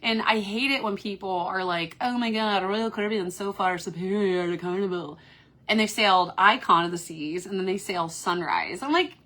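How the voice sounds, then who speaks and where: Sex: woman. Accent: Kentucky. Style: chatty live-stream cruise host, bright voice. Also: mid-range voice, normal speed. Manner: chatty, upbeat, reads viewer comments aloud. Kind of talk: casual live-stream chat. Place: cruise ship cabin.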